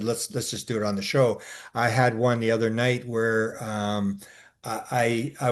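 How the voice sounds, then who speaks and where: A man co-hosting a casual discussion, talking in long rambling stretches full of restarts and filler sounds, and growing animated as he recounts his exchanges. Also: lowish voice. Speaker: co-host.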